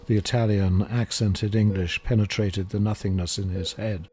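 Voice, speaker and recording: Deep-ish guy narrating a ghost story, slow and grave. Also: little pitch movement, mellow. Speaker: audiobook narrator. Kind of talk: scripted narration.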